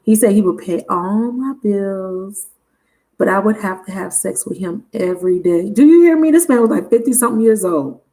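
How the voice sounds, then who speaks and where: A woman hosting a live tarot reading stream, telling a story in a casual, animated and blunt way. She laughs often and swears freely. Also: medium pitch, moderate pace. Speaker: tarot reader livestream host. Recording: roomy echo.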